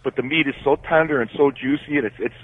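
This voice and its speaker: A man's voice: medium pitch, quick pace, husky. Male caller, folksy and eager, tinny phone line. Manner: enthusiastic, folksy. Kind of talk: phone call to radio show.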